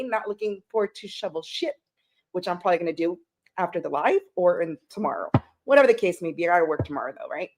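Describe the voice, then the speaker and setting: A woman hosting a casual live-stream tarot reading, chatting and greeting viewers with pet names. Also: on the high side. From Canada.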